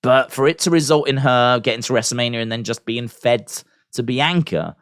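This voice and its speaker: A man's voice: medium pitch, moderate pace, fairly bright tone, clean tone, no echo, studio quality. A man hosting a wrestling watch-along live stream, rambling casually with restarts and fillers.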